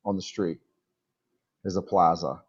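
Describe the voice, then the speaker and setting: A man's voice: sits low, fairly even intonation, a little slow, slightly rough, lo-fi sound. Patient man teaching English. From United States. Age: 40s. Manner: patient, repeats words to model pronunciation. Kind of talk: casual one-on-one lesson.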